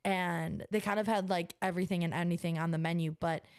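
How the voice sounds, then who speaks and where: A woman's voice: fairly low pitch, fairly even intonation, a little fast, clear, resonant tone, dry recording, studio quality. A young woman co-hosting a podcast, chatting casually in a bubbly, gushing way with lots of "like". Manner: bubbly, gushing, heavy use of "like". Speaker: podcast co-host. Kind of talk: casual chat.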